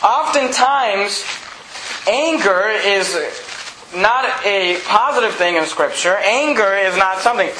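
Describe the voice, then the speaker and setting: A man preaching in a church, his voice high and bright, with echo ringing off the room around him. He reads scripture slowly and deliberately, then rises to loud, emphatic peaks in a folksy preaching manner. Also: a little hiss or hum. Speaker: pastor. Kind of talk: sermon. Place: church sanctuary.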